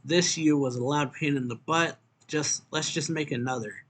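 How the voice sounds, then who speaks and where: A man's voice: on the high side, moderate pace, a bit bright, breathy edge. A man reading as a cold, threatening killer. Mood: curt. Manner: curt, dismissive threats.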